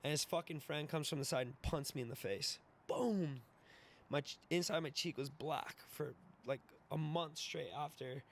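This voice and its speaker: A man's voice: a little high, moderate pace, few pauses. Profane young man telling a bar-fight story. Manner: animated, profane, laughing, acts out voices. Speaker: podcast guest. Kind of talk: casual storytelling.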